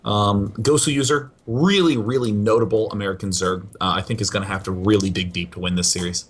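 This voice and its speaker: A man's voice: lowish voice, fairly even intonation, husky. A man co-casting a live esports match, eager and joking as he talks through the players and maps. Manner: eager, joking, quick to laugh. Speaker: esports co-caster. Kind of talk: live game commentary.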